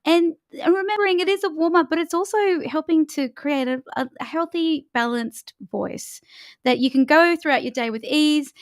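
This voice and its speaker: A woman vocal coach leading a live warm-up lesson, chatty and encouraging as she demonstrates exercises. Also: high voice, no echo, clean studio sound.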